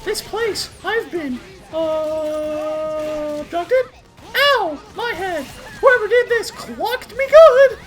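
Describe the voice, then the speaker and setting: Comic reading: a dramatic elf captive in a shrill falsetto, put on by a man. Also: extremely slow, faint music behind, full character voice. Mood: dazed. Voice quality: high falsetto. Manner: melodramatic, shrill. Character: captive horned elf woman, defiant and dramatic.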